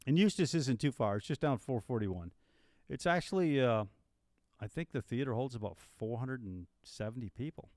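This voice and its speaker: A man's voice: medium pitch, animated, normal speed, darkish tone, no echo. A man co-hosting a live podcast, chatting casually and upbeat while promoting local shows. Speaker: podcast co-host.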